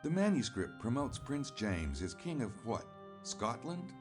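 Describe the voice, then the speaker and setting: A drawling, wry investigator. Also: male voice, mid-range voice, big pitch swings, a little slow, music in the background. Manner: drawling, sardonic, easygoing. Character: wry, dogged male private investigator. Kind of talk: video game voice acting.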